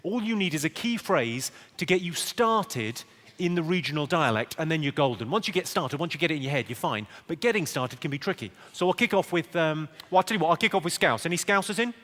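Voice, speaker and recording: A man doing stand-up comedy in a venue, delivering dry, quick one-liners and mock-polite apologies while working the crowd. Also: fairly high pitch, lively intonation, big-room sound. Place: comedy venue before a laughing audience. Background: loud crowd laughter.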